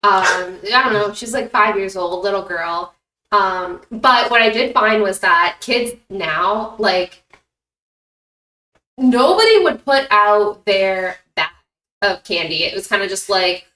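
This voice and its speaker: A woman's voice: medium pitch, animated, slow pace, bright, forceful tone. A woman in casual chat, telling stories with many "like" fillers. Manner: chatty, lots of "like" fillers. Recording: echoey room, distant mic.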